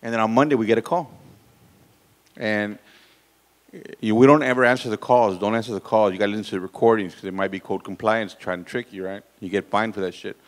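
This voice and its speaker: A man's voice: on the low side, fairly even intonation, quick pace. A man telling a profane, rambling story to a live audience at an event, repeating words and laughing at his own tale. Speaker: guest speaker at a real estate event.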